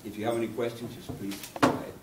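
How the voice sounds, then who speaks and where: A man with a fairly low, flat voice lectures in an echoey university room, recorded faintly noisy from a distant mic. He's a Cuban poet whose first language is Spanish, giving a university talk in a halting, digressive way as he searches for words.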